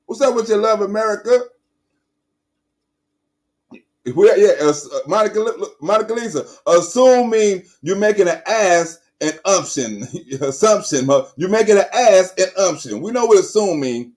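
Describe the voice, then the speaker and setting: A man's voice: sits high, expressive, moderate pace, darkish tone. A man hosting a show, reacting to a news clip with heated, profane commentary and mocking repeats of what he hears. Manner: profane, ranting, mocking repetition of quotes.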